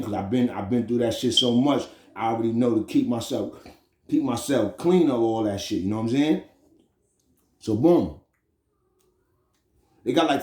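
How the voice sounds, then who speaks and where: A man's voice: medium pitch, echoey room. Streetwise New York man telling a story. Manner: streetwise, animated, repeats "you know what I'm saying". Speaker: storyteller recounting prison experiences. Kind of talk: casual storytelling monologue.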